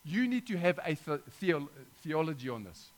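A man's voice: fairly high pitch, big pitch swings, normal speed. A middle-aged man preaching an informal sermon, talking conversationally with frequent restarts and asides to his listeners.

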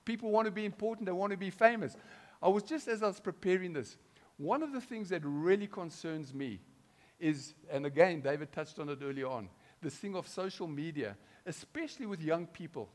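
A man preaching a sermon, swinging between loud and hushed delivery and often asking the congregation questions. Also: high-pitched, animated, brisk.

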